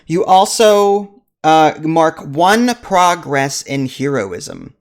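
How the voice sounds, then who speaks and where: A man's voice: a little high, animated, extremely slow. A man hosting a board game playthrough, reading the story text aloud and joking around. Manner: jokey, laughs at his own jokes. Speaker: game master and channel host.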